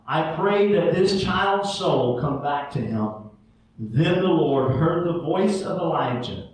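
A man preaching a sermon as pastor, fervent and calling for responses from the congregation. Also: on the high side. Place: church sanctuary. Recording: very echoey room, mic far off.

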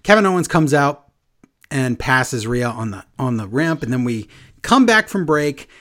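Animated man recapping with lively pitch. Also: normal speed. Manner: animated storyteller, acts out quotes with big pitch jumps. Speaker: podcast co-host. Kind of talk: casual wrestling recap chat.

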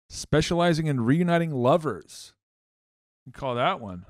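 A man's voice: on the high side, animated, normal speed, no room sound, clean studio sound. A man co-hosting a casual chat, swearing often and restarting his sentences. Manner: swears a lot, stammers on restarts.

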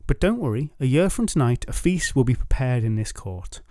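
Rhiannon, a sharp-tongued noblewoman, as a man puts her on. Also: mid-range voice, animated, no room sound, clean studio sound, close to an everyday voice. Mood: exasperated. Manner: scolding, brisk and commanding. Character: sharp-tongued exasperated noblewoman, scheming and cool.

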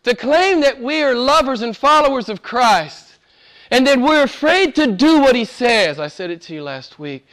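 Man, pastor, sermon, high voice, repeats phrases, loud declarations then hushed near-whispers. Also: big pitch swings, normal speed.

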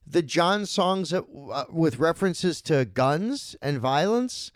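A man's voice: on the high side, animated, slow pace, no echo, clean studio sound. A man co-hosting a podcast in casual chat, talking bluntly and candidly, with jokes and occasional swearing. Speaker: podcast co-host.

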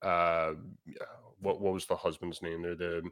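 Male co-host, lowish voice, lively storytelling, casual chat. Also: unhurried, clear, resonant tone. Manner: animated retelling, acts out quotes. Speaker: podcast co-host.

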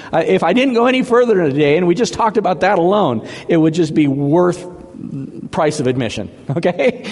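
A male pastor preaching a sermon, animated, often checking in with his congregation by asking "okay?". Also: on the high side, big-room sound. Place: church sanctuary.

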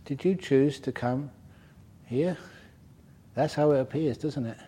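A man's voice: medium pitch, a little slow, mellow, slightly rough. An older man, a Buddhist monk, giving a humorous dharma talk, teasing and laughing at his own stories at a retreat. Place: retreat centre hall.

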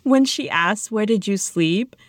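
A woman co-hosting a casual chat, recapping a movie in a blunt, animated, joking way. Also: mid-range voice, a little slow, no echo, clean studio sound. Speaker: podcast co-host.

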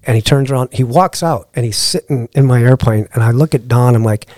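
Fairly quick and mid-range in pitch, this middle-aged man, a lodge owner guesting on a podcast, narrates an extended story in an easygoing way. He performs the dialogue of the story's people with gusto.

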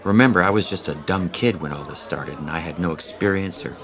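A man's voice: sits low, brisk, fairly bright tone. A man narrating a first-person self-help reading in a candid, wry, conversational way, with casual swearing.

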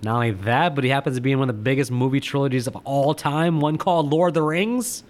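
A man's voice: mid-range voice, quick pace. A man co-hosting a podcast, chatting about movies in a teasing, playful way with silly bits. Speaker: podcast co-host. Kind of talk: casual movie chat.

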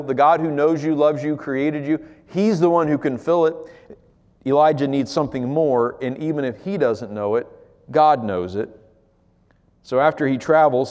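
A man preaching a sermon as pastor, swinging between loud emphasis and near-whispers. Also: on the high side. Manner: swings from loud to hushed, acts out quoted voices. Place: church sanctuary. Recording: long hall reverb.

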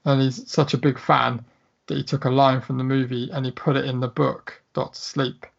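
A man's voice: mid-range voice, little pitch movement, moderate pace, gravelly, muffled recording. A man co-hosting a casual film chat, blunt, jokey and full of swearing. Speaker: podcast co-host.

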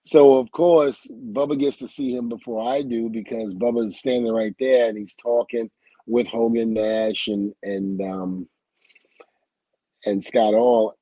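A man from the United States, a guest in an interview, telling a lively story full of acted-out quotes and laughs. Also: lowish voice, unhurried, dry recording, poor audio. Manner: animated storyteller who acts out quotes and laughs often. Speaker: interview guest, former wrestler.

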